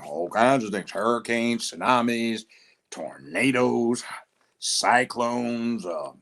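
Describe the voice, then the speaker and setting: A man's voice: mid-range voice, expressive, slow pace, fairly bright tone. Blunt profane man, telling a story. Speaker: judge, show guest. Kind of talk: opinionated talk show chat.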